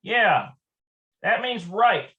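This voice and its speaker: Brief: high-pitched male teacher, informal lesson, thinks aloud, muffled lo-fi audio. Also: lively intonation, extremely slow. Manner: thinks aloud while explaining. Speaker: Hebrew teacher. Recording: dull lo-fi recording.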